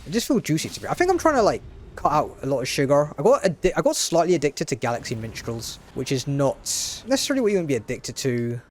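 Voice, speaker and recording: A man's voice: a little high, very animated, slight background noise. A man, rambling casually on stream, often cutting himself off and restarting. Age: late 20s. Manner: rambling, quick, self-interrupting with restarts.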